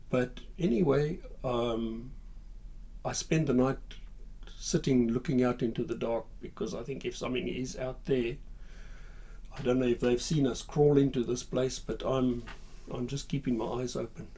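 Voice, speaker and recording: A man, retelling a war memory in a halting, low-key way and often repeating his words. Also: mellow, husky. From Zimbabwe. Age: 60s. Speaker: war veteran storyteller. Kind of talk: spoken war memoir.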